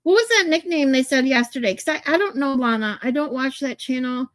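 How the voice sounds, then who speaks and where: A woman's voice: high voice, fairly quick, no echo. A woman hosting a casual livestream, talking to her chat in a chatty way and laughing easily. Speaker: livestream host.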